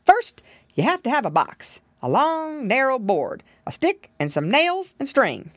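A woman doing a kindly old goat gentleman. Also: high voice, wildly swooping pitch, measured pace, no room sound, voice pushed up, exaggerated voice. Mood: instructive. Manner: patient, instructive.

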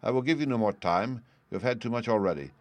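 A man's voice: medium pitch, lively intonation, fast talker, dry recording, close to an everyday voice. A man voicing a cruel, raging husband who bawls threats, in a storybook reading. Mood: cold. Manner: bawling, threatening.

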